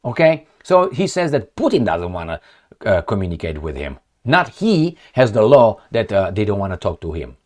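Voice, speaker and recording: A man's voice: big pitch swings, normal speed. Sarcastic man ranting over a map. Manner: sarcastic and mocking, with scornful laughs; emphatic, jumping between loud bursts and low asides. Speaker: political commentary vlogger. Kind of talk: casual rant over a map and articles.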